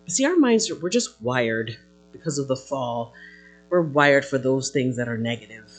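Pastor, husky tone, very lively sermon delivery with playful asides. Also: mid-range voice, normal speed, soft background music. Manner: animated preaching with playful asides and acted quotes.

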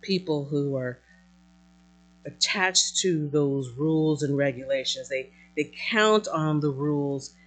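Woman preaching, talks like a chat, emphatic, voice jumps all over, acts out little quotes. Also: low-pitched. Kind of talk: sermon.

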